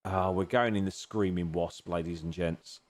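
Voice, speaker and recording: A man's voice: low voice, fairly even intonation, normal speed. A man streaming a racing game, chatting with his viewers in a jokey, teasing way and thanking them as he goes. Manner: jokey, teasing banter, grateful to chat. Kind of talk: live-stream chat with viewers while racing. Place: home sim racing rig.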